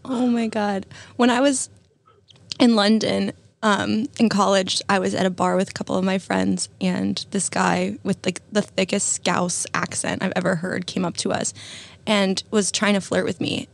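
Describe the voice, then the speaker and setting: A woman's voice: medium pitch, little pitch movement, moderate pace, vocal fry. A woman comedian as a podcast guest, a chatty storyteller who laughs often. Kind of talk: casual chat.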